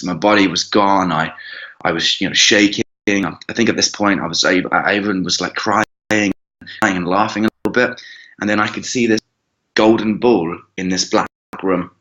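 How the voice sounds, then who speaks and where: A man telling a long personal story as an interview guest, rambling and halting, with frequent restarts and swearing. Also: deep voice, fairly even intonation, bright, forceful tone. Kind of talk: casual storytelling. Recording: dull lo-fi recording.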